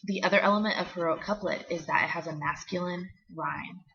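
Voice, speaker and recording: Husky, gravelly woman lecturing students. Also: on the low side, bright, forceful tone. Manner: explains slowly, repeats key terms, checks with "okay?". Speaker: teacher. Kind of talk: recorded classroom lecture. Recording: dull lo-fi recording.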